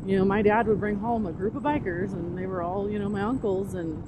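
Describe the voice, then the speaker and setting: A motovlogger chats while riding her motorcycle outdoors, her medium-pitched voice brisk, excitable, and easily distracted as she hops from one thought to the next. Her helmet-mounted camera mic catches wind, engine, and road and vehicle noise.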